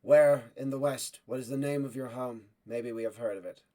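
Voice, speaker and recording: A man's voice: fairly even intonation, moderate pace, warm tone, close to an everyday voice. A man voicing a bitter, craggy village woman in a tabletop role-play, speaking curtly and coldly. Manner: curt, low and icy.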